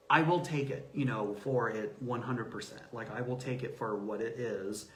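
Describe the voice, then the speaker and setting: Animated man in a roomy space. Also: mid-range voice. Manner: animated storyteller acting out quoted voices. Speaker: guest, autistic self-advocate. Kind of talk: casual interview talk. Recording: roomy echo.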